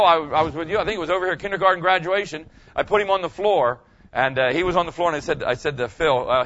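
A man's voice: a little high, a bit bright, dull audio. An older male pastor giving a folksy, conversational sermon, often checking in with his listeners. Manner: folksy, conversational preaching, asks the audience "okay?" often.

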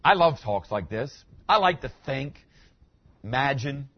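A man's voice: medium pitch, animated, unhurried, breathy edge, lo-fi sound. A middle-aged man, a pastor, preaching a sermon in a conversational way, asking the congregation questions as he goes.

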